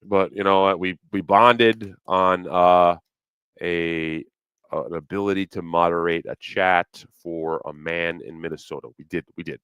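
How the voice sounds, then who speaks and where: A man's voice: deep voice, steady tone, a little slow, fairly bright tone, clear, resonant tone, no echo, highs cut off. A man hosting a casual livestream chat, rambling loosely with plenty of swearing and fillers. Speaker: livestream host. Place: home, New York City.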